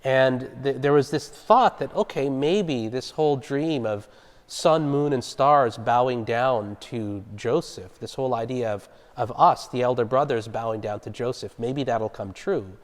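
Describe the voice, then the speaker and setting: A man of ordinary pitch leads a Bible study, explaining the passage in a relaxed, conversational way and stopping to quiz his listeners. His voice rings with the long reverb of a large church hall. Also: unhurried. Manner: conversational, explaining and asking the group questions.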